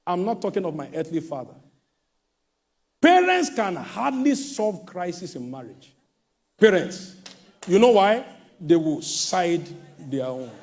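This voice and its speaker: A male pastor delivering an emphatic sermon, swinging between shouted warnings and hushed asides. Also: high voice, big pitch swings, measured pace, creaky, pauses often.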